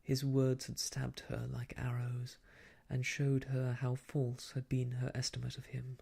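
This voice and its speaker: A storyteller softly reads an old novel aloud for ASMR, speaking hushed and slow close to the mic and slipping into whispers. His mid-range voice is monotone, gravelly, and slightly rough.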